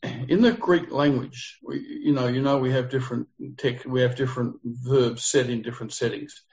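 A man's voice: medium pitch, fairly even intonation, normal speed, a little mellow. A man leading an interactive Bible study, explaining the text earnestly and putting questions to his group. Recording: dull lo-fi recording.

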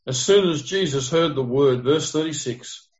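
A man with a slightly raised pitch teaches a Bible study group. He explains passages earnestly and keeps asking his listeners questions. The recording sounds dull and lo-fi. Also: moderate pace.

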